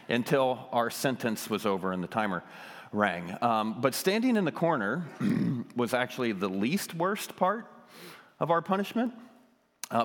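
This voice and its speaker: Guy preaching, chatty story mode, ums everywhere, kinda pokes fun at himself, big echoey hall. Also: fairly low pitch. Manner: conversational, many ums, self-deprecating humor. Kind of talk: sermon with personal story.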